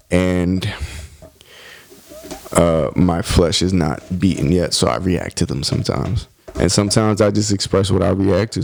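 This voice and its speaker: A man's voice: low voice, creaky, darkish tone, dry recording, studio quality. A man hosting a podcast, talking in a blunt, profane, passionate monologue about faith and self-improvement. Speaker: podcast host.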